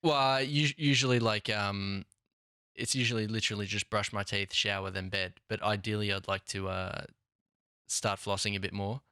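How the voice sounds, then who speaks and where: A young Australian man co-hosting a podcast in casual banter, talking hesitantly with many fillers and trailing off quietly. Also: lowish voice, steady tone, moderate pace, clean tone, no echo, studio quality. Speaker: podcast co-host.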